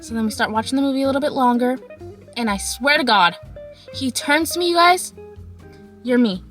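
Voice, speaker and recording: Young woman vlogging a storytime, high voice, laughs a lot, does little voices, bit of music in back. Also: fairly quick. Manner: animated, laughing, acts out quotes in high voices. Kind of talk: storytime vlog.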